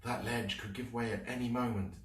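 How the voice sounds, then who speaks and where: A man voicing a small, sensible young girl who speaks slowly and softly, recorded at a distance in a roomy space. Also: mid-range voice, fairly even intonation, close to an everyday voice. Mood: calm, firm. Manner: slow, soft-spoken.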